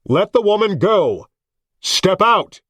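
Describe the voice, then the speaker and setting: Male reader as a commanding police loudspeaker voice, pushed high and loud. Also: expressive, moderate pace, dry recording, dull audio, natural voice. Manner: commanding, barked orders. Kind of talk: audiobook character voice.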